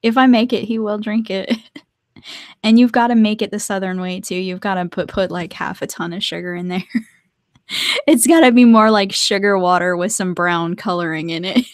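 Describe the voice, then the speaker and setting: A young woman chats to her viewers from her art desk at home, chatty and quick to laugh between sentences. Her voice sits at an average pitch, and the sound is dry and close with no room echo. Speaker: artist live-streaming to viewers. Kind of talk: casual live-stream chat.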